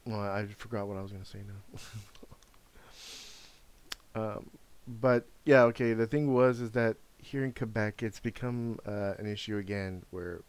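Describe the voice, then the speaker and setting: A man's voice: on the low side, steady tone, unhurried, clean tone. A middle-aged man hosting a live stream, chatting casually in a frank, rambling way and swearing now and then. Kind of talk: casual chat.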